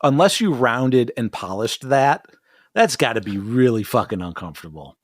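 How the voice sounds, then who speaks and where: With lively intonation and a medium pitch at normal speed, this man co-hosts a podcast. He recaps an episode in a casual, profane way, laughing a lot and imitating characters, recorded in studio quality with no room sound.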